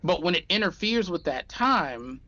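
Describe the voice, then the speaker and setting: This is a man with a fairly high voice who talks frankly and lays out his points at length, dropping curse words without hesitation. He is a guest in a casual chat. The recording sounds dull and lo-fi. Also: lively intonation, normal speed, pushed and bright. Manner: frank, explanatory, swears freely. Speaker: podcast guest. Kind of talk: casual conversation.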